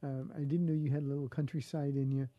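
An older man hosting a call-in radio show as a pastor, gentle and encouraging, often restarting his words. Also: mid-range voice, little pitch movement, fast talker, dry recording, dull audio. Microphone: studio microphone.

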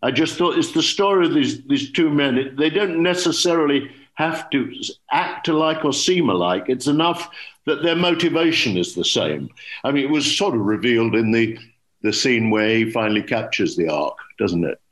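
An older man, an English actor, telling anecdotes in a relaxed interview and acting out quoted dialogue. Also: mid-range voice, moderate pace. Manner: lively storyteller, acts out quoted dialogue. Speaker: actor guest.

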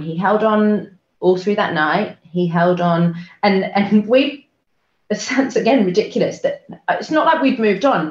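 A woman guest telling an emotional personal story, soft-spoken and halting, with many fillers and restarts. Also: mid-range voice. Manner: soft-spoken, trying to hold it together. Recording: roomy, dull lo-fi sound.

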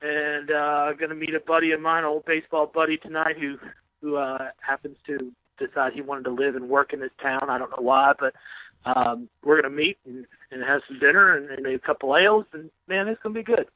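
A man's voice: on the high side, fairly even intonation, fairly quick, no room sound. A man who is a sports columnist, telling jokey stories in casual podcast chat over the phone. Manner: boisterous, joking storyteller. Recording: tinny phone line.

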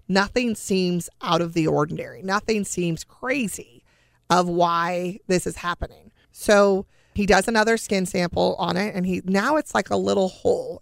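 A middle-aged woman casually telling a personal family story, animated and full of conversational fillers. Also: medium pitch, vocal fry, dry recording, clean studio sound. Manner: animated, acts out quoted dialogue.

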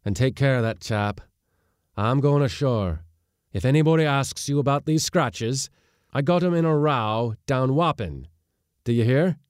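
A man voicing a stern, burly old sea skipper who talks in a blunt, rough seaman's dialect. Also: mid-range voice, measured pace, no echo, clean studio sound, voice pushed up, close to an everyday voice.

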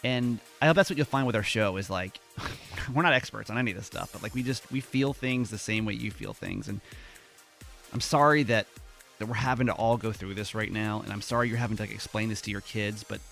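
A man's voice: lowish voice, brisk, gravelly, fairly bright tone, soft background music. A man in his forties hosting a morning radio show, talking casually and earnestly with lots of fillers. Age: 40s. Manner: earnest, loose, many fillers.

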